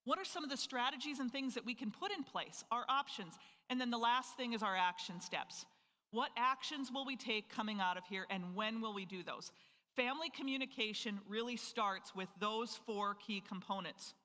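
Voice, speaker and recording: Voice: mid-range voice, normal speed, bright, forceful tone, in a large hall. A financial planning presenter from North Dakota giving a live seminar and firing rhetorical questions at the audience. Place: event hall with a live audience.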